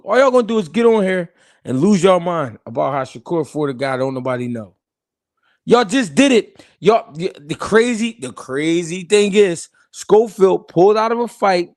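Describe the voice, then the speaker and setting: A man's voice: high voice, no room sound, clean studio sound. A man hosting a live-stream boxing talk show, arguing heatedly and talking to his chat. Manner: heated, animated, talks to chat. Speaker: host.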